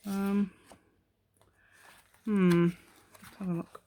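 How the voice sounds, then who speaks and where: This craft channel host speaks extremely slowly, at medium pitch, with a flat delivery and a warm tone. During her casual tutorial she chats and rambles, thinking out loud and talking to herself while working.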